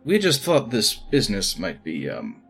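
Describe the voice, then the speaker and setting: A man's voice: fairly low pitch, wildly swooping pitch, moderate pace, gravelly, husky, faint music behind, exaggerated voice. A man voicing a reluctant male rogue from a thieves' guild, who rambles with hesitant politeness. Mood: flustered.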